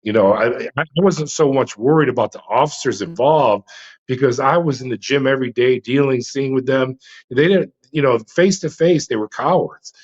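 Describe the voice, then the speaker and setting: A middle-aged man telling his story as an interview guest, animated, full of fillers and restarts. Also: medium pitch, moderate pace, highs cut off. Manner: frequent fillers and restarts, dramatic retelling. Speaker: interview guest, former prison officer.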